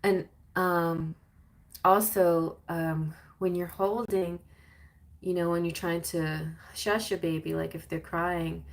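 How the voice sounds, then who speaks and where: A woman giving a gentle, soothing live-stream tarot reading. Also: fairly low pitch, little pitch movement, slow pace. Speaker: tarot reader.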